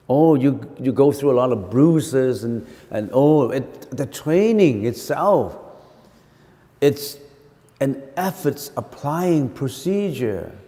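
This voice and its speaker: Animated male monk in a reverberant hall. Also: a little high. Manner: animated, full of rhetorical questions and repeated phrases. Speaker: Buddhist monk teaching meditation. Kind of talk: dharma talk. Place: temple hall.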